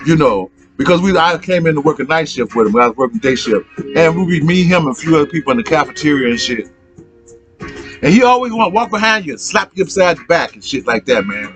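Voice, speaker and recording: A middle-aged man spins profane stories in a loose podcast chat, his pitch leaping and dropping as he repeats lines for effect. His voice sits a little high for a man. Faint music plays underneath. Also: fast talker. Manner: profane, animated, repeats himself. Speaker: podcast host. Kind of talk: casual storytelling.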